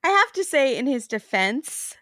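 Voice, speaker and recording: Higher-voiced woman guest, dry sound. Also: sing-song, normal speed, fairly bright tone, no echo. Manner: laughs often, short agreeing replies. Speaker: podcast guest. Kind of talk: casual chat.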